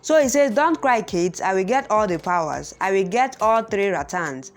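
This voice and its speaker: A woman narrating a TV series plot recap, reading out the characters' lines in a lively, sing-song way. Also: medium pitch, normal speed.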